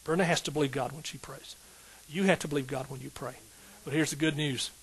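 A middle-aged man preaching a sermon from the pulpit. His voice sits a little high for a man, and he drives his points hard, calling out to the congregation and swelling into sudden bursts. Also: steady tone, a little fast, breathy edge, low-quality recording. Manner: emphatic, call-and-response preaching with rising outbursts. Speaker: pastor.

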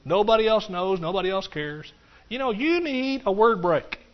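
A middle-aged man preaches in a folksy, animated way, talking straight to his congregation between points. His voice sits a little higher than most men's. The recording is slightly dull and lo-fi. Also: normal speed. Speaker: pastor. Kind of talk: sermon.

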